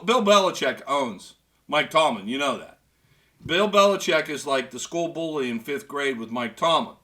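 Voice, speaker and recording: A man's voice: mid-range voice, pushed and bright. A man hosting a sports talk show, reading fan comments in a wisecracking, joking way. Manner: wisecracking, does mock voices and laughs. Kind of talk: casual sports radio banter.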